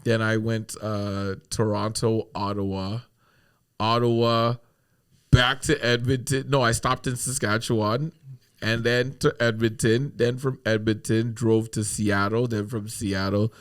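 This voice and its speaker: A man, a guest on a podcast, telling a story in a casual, animated way, often laughing through it and swearing freely. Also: lowish voice, normal speed.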